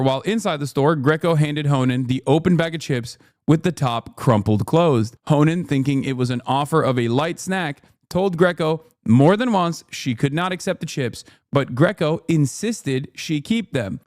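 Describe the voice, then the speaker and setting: A male political streamer riffs on the news with sardonic, profane jabs and laughing asides. His voice sits a little high for a man. The sound is dry and close, with no room echo. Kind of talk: casual reaction commentary.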